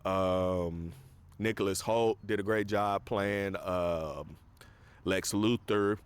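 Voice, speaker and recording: A man speaks slowly in a low, clear, resonant voice with fairly even intonation as he hosts a casual film review. His plot recap is loose and rambling, packed with fillers, and he acts out quoted lines by popping his voice up.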